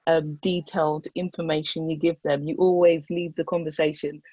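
A woman's voice: low-pitched, little pitch movement, normal speed, mellow, husky, no room sound. A young woman, a doctor, speaking earnestly and telling a story in a casual discussion. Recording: dull, dry recording.

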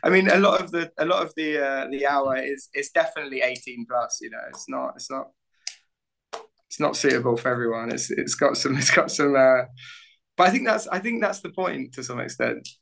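Male comic, bright tone, lively self-mocking storyteller. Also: mid-range voice, fairly quick, creaky. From suburbs of London, England. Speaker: stand-up comedian, guest. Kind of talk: casual interview with told jokes.

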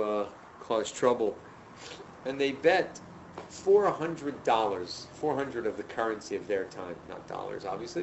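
A man lecturing a room of students, animated and emphatic. His pitch swings widely as he tells a story and drives home each point. A faint background hum runs underneath. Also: muffled recording. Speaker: teacher. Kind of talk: lecture to a class.

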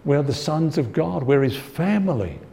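Man preaching in a mellow, conversational tone. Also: on the high side, sing-song, moderate pace, gravelly. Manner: conversational preaching, repeats key phrases, frequent "you know". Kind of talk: sermon.

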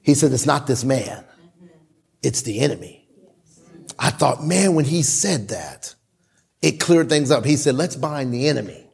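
A middle-aged man pastor preaching a sermon with dramatic pauses and call-and-response. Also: mid-range voice, expressive, creaky, a little mellow, slightly rough.

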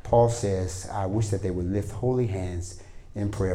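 A man preaching a sermon to a congregation in a church, moving from quiet prayer to energetic storytelling. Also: fairly low pitch, measured pace. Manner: starts with hushed prayer, then lively storytelling with voiced characters. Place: church hall before a congregation.

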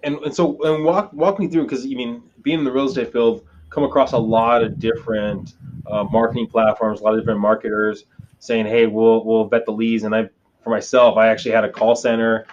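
A man's voice: mid-range voice, fairly even intonation, fairly quick, dull audio, a little hiss or hum. A man hosting an interview casually, asking probing questions and often repeating words as he looks for them. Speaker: interview host.

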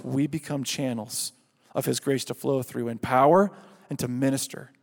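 A man preaching a sermon, earnest and building to loud calls, then leading a prayer. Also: medium pitch, creaky. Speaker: pastor. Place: church sanctuary. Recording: reverberant hall.

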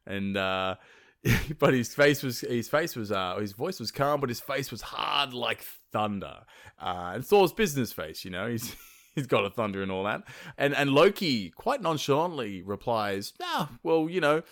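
A man's voice: medium pitch, animated, moderate pace, fairly bright tone. A man co-hosting a podcast, retelling a myth in a rambling, laughing casual chat. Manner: laughing, rambling, full of fillers. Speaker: podcast co-host.

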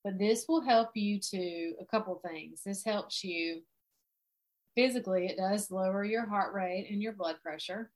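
A middle-aged woman with a drawl talks straight to her listener as a life coach. Her voice sits at an ordinary middle pitch, and her delivery is earnest and informal, with plenty of conversational fillers. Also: measured pace. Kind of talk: informal teaching monologue.

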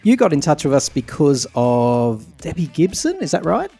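A man's voice: on the high side, sing-song, normal speed, creaky, dark tone, slightly rough, no room sound, soft background music. A man with an Australian accent hosting a podcast in casual, teasing chat over a remote call. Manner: teasing, chatty. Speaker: podcast host.

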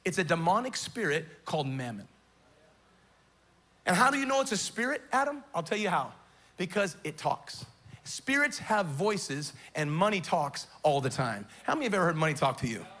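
A man's voice: high-pitched, a bit bright. A male pastor preaching a sermon with emphatic repetition and rhetorical questions.

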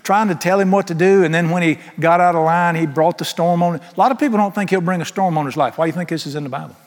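A middle-aged preacher delivers an emphatic, folksy sermon, breaking into humorous asides. His voice sits a little high for a man. It rings with a long reverb, as in a large church hall. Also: fast.

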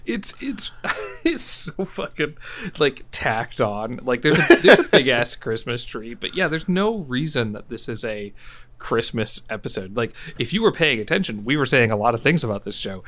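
Bright, enthusiastic male podcast co-host. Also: medium pitch, very animated, normal speed. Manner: enthusiastic, swears freely, laughs often. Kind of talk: casual chat.

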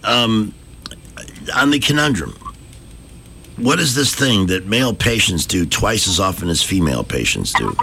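A man's voice: lowish voice, sing-song, measured pace, long pauses, sharp tone, a little hiss or hum. A man hosting a morning radio show, running a call-in quiz with jokey, teasing banter.

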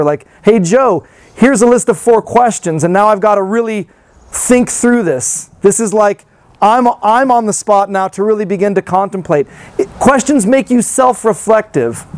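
Male preacher with a high voice and a loose, chatty delivery full of rhetorical questions. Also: a little mellow. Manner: conversational, many rhetorical questions and fillers. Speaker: pastor. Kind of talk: sermon.

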